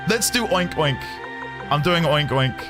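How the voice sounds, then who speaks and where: Music runs beneath a man whose voice sits a little high as he plays a game on stream. He's animated but keeps a measured pace, joking playfully and bursting into laughter in casual let's-play commentary.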